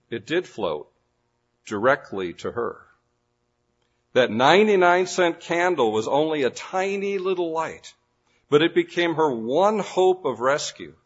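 A man with a husky, slightly breathy voice tells a dramatic story from the pulpit. He builds suspense with careful pauses and a vivid storyteller's delivery. The sound is dull and lo-fi. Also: on the high side, fairly bright tone. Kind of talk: dramatic storytelling sermon illustration. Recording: dull lo-fi recording.

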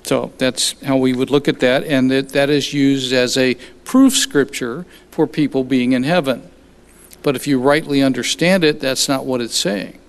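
Slow-speaking preacher man in a reverberant hall. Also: medium pitch. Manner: unhurried, explanatory, with frequent restarts. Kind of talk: sermon.

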